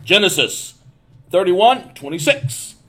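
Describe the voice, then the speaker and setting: Man, high lively voice, slow halting scripture reading. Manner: slow halting reading with loud raised delivery. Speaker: bible study participant.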